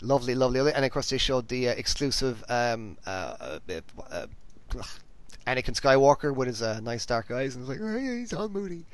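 A man's voice: mid-range voice, fairly quick, no echo. A man hosting a podcast, chatting enthusiastically and rambling with many restarts. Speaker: podcast host. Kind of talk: casual chat.

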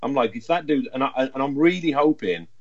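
A man's voice: medium pitch, expressive, a little fast, no echo, muffled recording. A man chatting casually and enthusiastically on a podcast, rambling a little. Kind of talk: casual chat.

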